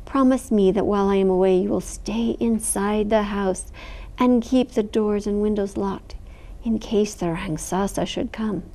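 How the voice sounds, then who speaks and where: A woman's voice: mid-range voice, fairly even intonation, measured pace, dark tone, natural voice. A woman voicing a worried mother of twin girls, speaking earnestly. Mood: anxious.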